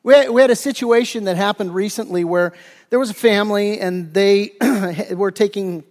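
A pastor giving a conversational sermon, animated and acting out imagined listeners, with frequent restarts. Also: male voice, sits high, normal speed, in a large hall.

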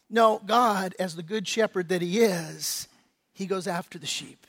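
A male pastor preaching a sermon in a folksy, conversational way, rising loud for emphasis and dropping low and quiet on solemn points. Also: unhurried, husky. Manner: folksy, conversational preaching with animated swings in volume.

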